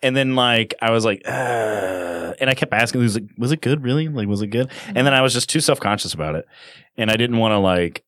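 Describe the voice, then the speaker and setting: A man's voice: mid-range voice, fast, fairly bright tone, no echo, clean studio sound. A man co-hosting a casual podcast chat, rambling with lots of fillers. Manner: rambling, filler-heavy, self-conscious. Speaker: podcast co-host.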